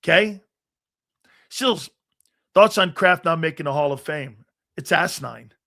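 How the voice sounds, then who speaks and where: A brash man hosting sports talk radio, with a high voice for a man and a bright, forceful edge. He rants bluntly and combatively at his callers and swears without a second thought. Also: a little slow, gravelly.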